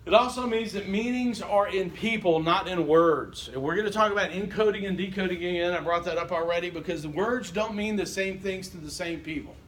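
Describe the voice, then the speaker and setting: A man's voice: high-pitched, a little fast, hardly any pauses, a bit bright, slight background noise. A man teaching a college class, with wry, joking asides to his students. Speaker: college instructor. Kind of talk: classroom lecture. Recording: echoey classroom from far off.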